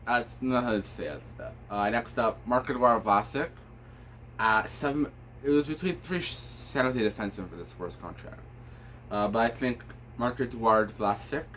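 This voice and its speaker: A man's voice: medium pitch, a bit bright, a little hiss or hum. A man giving casual, unscripted hockey opinions, rambling with many fillers and restarts, sounding tired. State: tired, yawning. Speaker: hockey commentator.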